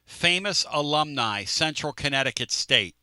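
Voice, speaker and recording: A man's voice: fairly high pitch, animated, normal speed, bright, forceful tone, clear, resonant tone, no echo. A man hosting a sports talk radio show, teasing his co-hosts and rambling through stories in a casual way. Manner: brash, rambling, teasing storyteller. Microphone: studio microphone.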